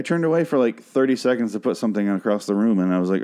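A man's voice: lowish voice, expressive, very fast, few pauses, warm tone. A young man hosting a podcast, recapping a TV episode in a casual, profane, rambling rant full of fillers.

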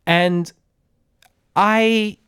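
A man's voice: sits high, fairly even intonation, extremely slow, a bit bright, smooth, no echo, studio quality. A man hosting a casual solo podcast, rambling through his points with frequent restarts and asides, like an enthusiastic fan. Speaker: podcast host.

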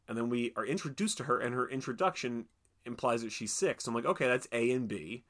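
A man's voice: medium pitch, fast. A young man co-hosting a casual movie podcast, talking animatedly and dropping into silly voices. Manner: animated, slips into exaggerated impressions and silly voices. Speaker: podcast co-host. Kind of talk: casual movie review chat.

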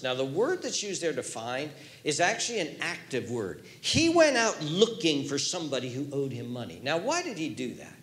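Male pastor, sermon, lively delivery with big pitch swings, slightly high voice. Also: normal speed, hardly any pauses, roomy sound. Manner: animated storytelling, swings from hushed to loud.

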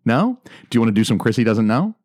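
A man's voice: mid-range voice, sing-song, fast, slightly rough, dry recording, studio quality. Crude, joking man hosting a podcast. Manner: loud, profane, joking. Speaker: podcast co-host. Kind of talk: casual chat.

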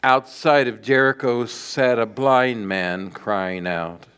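A middle-aged man preaching a sermon as pastor, telling stories dramatically and swinging from loud declarations to hushed lines. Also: mid-range voice, takes it slowly, smooth.

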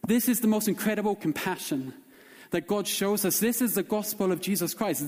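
A male pastor delivers a sermon in an earnest, emphatic way, often circling back and repeating phrases for weight. His voice sits slightly high for a man. The sound carries the long reverb of a church hall. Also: moderate pace, darkish tone. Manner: earnest, repetitive, emphatic preaching.

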